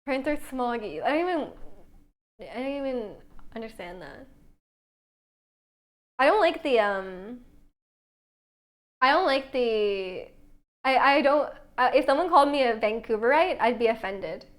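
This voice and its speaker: A woman's voice: on the high side, animated, measured pace, long pauses. A young woman streaming from her home kitchen while baking, chatting casually with viewers, reading their messages aloud and using a lot of "like" as filler. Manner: chatty, reads chat aloud, many "like" fillers.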